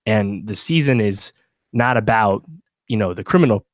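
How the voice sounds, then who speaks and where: A man's voice: on the low side, normal speed, no echo. A man co-hosting a podcast, chatting casually through a TV review with plenty of fillers and restarts. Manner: rambling, many fillers and restarts. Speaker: podcast co-host.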